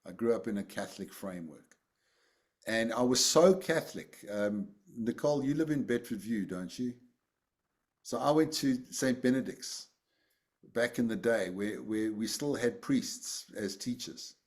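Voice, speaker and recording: A man's voice: lowish voice, animated, unhurried. A man leading a casual group session over a video call, rambling and self-deprecating, often repeating his words. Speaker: group facilitator.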